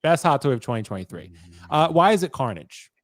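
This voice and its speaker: A man hosting a casual podcast chat, animated and laughing often as he steers the conversation. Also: on the high side, brisk, no room sound, studio quality. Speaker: podcast host.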